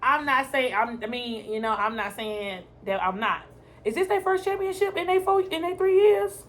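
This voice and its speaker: Excitable woman shouting at the TV. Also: high-pitched, normal speed, slight background noise. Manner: loud, animated, shouts at the screen then chats calmly to viewers. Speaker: TV reaction vlogger. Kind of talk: excited reaction commentary.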